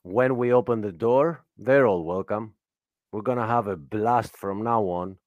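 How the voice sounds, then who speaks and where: A man with a low voice, recorded dry and close. He talks as a guest in casual chat, animated and mocking as he tells his story. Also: unhurried, no room sound, narrow, tinny audio.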